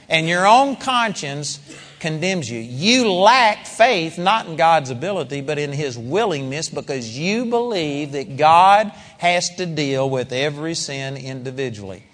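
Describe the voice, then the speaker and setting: Male Bible teacher, live seminar sermon, fairly high voice, long hall reverb, emphatic. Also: slow. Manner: animated, emphatic preaching with acted-out quotes.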